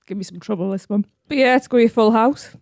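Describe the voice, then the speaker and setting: A woman's voice: a little high, quick pace, gravelly, a little mellow, no echo, clean studio sound. A woman co-hosting a podcast in casual chat, hesitant and giggly. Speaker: podcast co-host.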